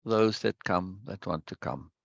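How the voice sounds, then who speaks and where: Male study-group host, low gravelly voice, dry dull lo-fi sound, chatty and repetitive greeter. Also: lively intonation, unhurried, no echo. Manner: repeats phrases, greets viewers one by one. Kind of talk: casual livestream chat before a reading session.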